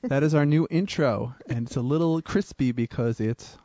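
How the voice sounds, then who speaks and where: A man hosting a casual studio show, trading deadpan wisecracks. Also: medium pitch, moderate pace, dry recording, lo-fi sound. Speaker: podcast host. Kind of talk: casual banter.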